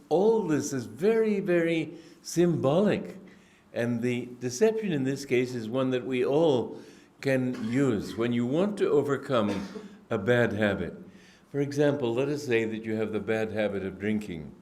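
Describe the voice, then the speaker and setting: A man's voice: mid-range voice, lively intonation, a little mellow. Reflective man giving a spiritual discourse. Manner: reflective, unhurried storytelling with frequent restarts; clears throat often. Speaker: spiritual teacher. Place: indoor gathering hall.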